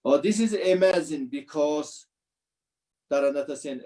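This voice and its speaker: Brief: male Buddhist teacher, unhurried, halting restarts, video-call audio. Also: medium pitch, lively intonation, darkish tone, low-quality recording. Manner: slow, halting non-native English with restarts. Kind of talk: dharma teaching commentary.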